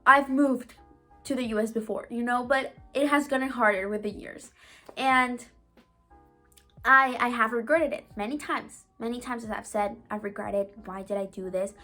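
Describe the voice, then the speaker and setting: Young woman, Spanish speaker, earnest and chatty vlogger, slightly high voice, soft music underneath. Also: moderate pace. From Mexico. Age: young adult. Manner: earnest, chatty, sprinkles "like" and "you know". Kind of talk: casual advice monologue.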